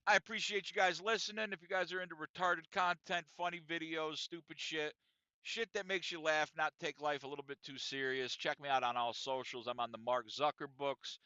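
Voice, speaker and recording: Blunt, profane man with a bright edge. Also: on the high side, fairly even intonation, a little fast, clean tone, no room sound. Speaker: podcast host. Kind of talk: casual monologue podcast. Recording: dry, dull lo-fi sound.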